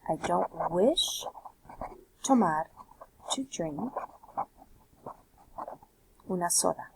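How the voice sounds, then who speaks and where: This low-quality recording, marked by a little hiss or hum, captures a woman with a low, creaky voice leading a Spanish class. She patiently explains a worksheet one step at a time, easing her pace for examples during the classroom walkthrough.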